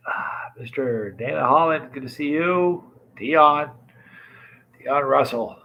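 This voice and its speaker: A man's voice: mid-range voice, takes it slowly, creaky, sharp tone, low-quality recording. A man with a stuffed-up, congested nose, hosting a casual livestream chat and greeting viewers by name with rambling asides. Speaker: livestream host.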